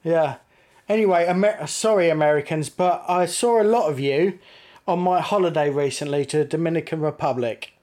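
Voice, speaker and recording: A man's voice: a little high, normal speed, a little mellow. An English man co-hosting a casual podcast, chatty and jokey, laughing often. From England. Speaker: podcast co-host. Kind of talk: casual chat.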